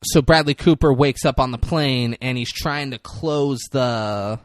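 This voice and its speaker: A man's voice: mid-range voice, measured pace, no room sound, clean studio sound. A man co-hosting a podcast, recapping a movie in casual chat and acting out the characters' lines. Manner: animated, acts out lines in put-on voices. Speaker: podcast co-host. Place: podcast studio.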